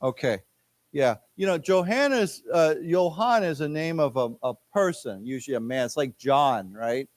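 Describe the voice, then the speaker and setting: A man teaching an English class, explaining words patiently and leading the group through slow repetitions. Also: fairly high pitch, animated, dry recording. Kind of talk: classroom lecture. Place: library lecture room.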